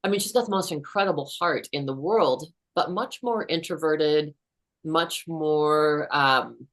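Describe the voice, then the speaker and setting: A woman in her fifties, a guest author, telling a personal story in an earnest, unhurried way. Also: low-pitched.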